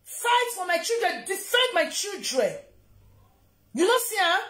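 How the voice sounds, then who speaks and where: A Nigerian social media vlogger rants at the camera, scolding and taunting someone in a confrontational way. Her voice is very high and quite bright, very animated, delivered at a measured pace, and the room gives the recording a noticeable echo.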